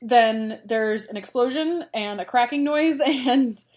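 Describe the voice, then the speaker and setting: A woman's voice: fairly high pitch, slow pace. Chatty young woman, lightly raised voice. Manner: animated retelling, voices the characters' lines. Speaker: podcast co-host. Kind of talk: casual book recap chat.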